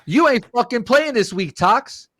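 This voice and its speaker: A man's voice: very high-pitched, expressive, unhurried, fairly bright tone, dry recording, clean studio sound, pitched above the performer's own voice, heavily acted. A man imitating an angry, short-tempered male team boss who barks threats. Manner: barking, threatening.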